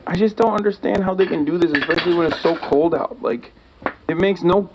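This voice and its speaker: A man's voice: high-pitched, fairly quick, background noise. A man trading sarcastic, mocking jokes in casual podcast banter.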